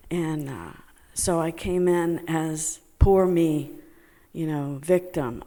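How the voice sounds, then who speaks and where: A woman telling a personal story to a group, halting with many fillers and laughing as she talks. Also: lowish voice, mellow, big-room sound. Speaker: meditation student sharing a testimony.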